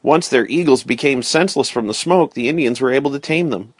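Male storyteller, first-person read-aloud, steady and clear, dry close recording. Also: medium pitch, brisk, no echo. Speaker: narrator.

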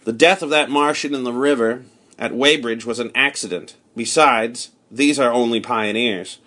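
A man reading the part of a grim, weary soldier with a hoarse voice, speaking in blunt, gloomy declarations. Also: mid-range voice, normal speed, pushed and bright. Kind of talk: audiobook character reading.

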